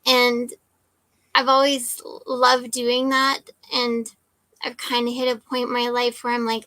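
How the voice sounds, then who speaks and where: Bright, chatty woman telling a story. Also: a little high, monotone, unhurried, dry recording. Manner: chatty, emphatic, many "like" and "right?" tags. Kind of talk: casual storytelling chat.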